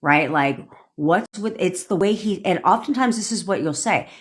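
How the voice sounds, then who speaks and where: A woman with a low voice rants on a livestream as a coach. Her talk is blunt, loose and full of swearing, and she breaks off to greet and answer commenters by name. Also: lively intonation, normal speed. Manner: blunt and profane, chatty, answers viewers by name. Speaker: manifestation coach hosting a livestream. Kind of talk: casual livestream rant and coaching.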